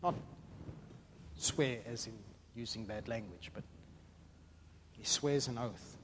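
A man preaching a sermon in an animated way, acting out the voices of the people in the story. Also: mid-range voice, slow, slight background noise.

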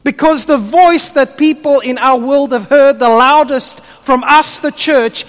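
Speaking a little slowly and with few pauses, a high-voiced pastor preaches with animation, lowering his voice gently for a story. His words ring with the lengthy reverb of a church hall.

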